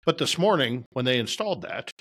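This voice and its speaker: Man, casual storyteller, mid-pitched voice, swears freely, rambles, self-deprecating. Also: very animated, brisk, a bit bright. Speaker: podcast regular.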